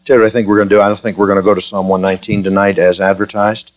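A man's voice: on the low side, flat delivery, racing. A man preaching a sermon to his congregation, joking with them in a chatty way and then building to fervent, emphatic preaching. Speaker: pastor.

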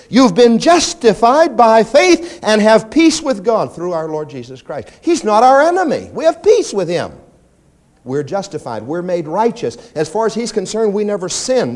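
A male pastor delivers a lively sermon to his congregation in church. His voice sits a little high and leaps up and down as he preaches. Now and then he breaks into a whining, pleading voice to mimic a prayer.

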